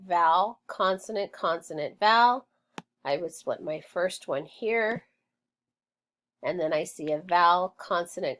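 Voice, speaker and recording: A woman teaching a phonics lesson, clearly sounding out words and splitting them into syllables. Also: on the low side. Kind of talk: slow, deliberate phonics lesson.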